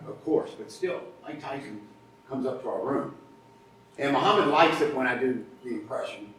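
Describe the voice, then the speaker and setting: Male guest speaker, lively storyteller who acts out the quotes; distant mic, faint background rumble. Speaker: guest speaker, podcast co-host. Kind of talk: storytelling speech at a club meeting. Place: large meeting room. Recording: echoey room, faint rumble, far from mic.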